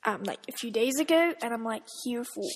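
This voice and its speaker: Exasperated woman, high voice. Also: expressive, fairly quick, big-room sound. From Austria. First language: German. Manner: exasperated, incredulous. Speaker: vlogger. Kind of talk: casual ranting vlog.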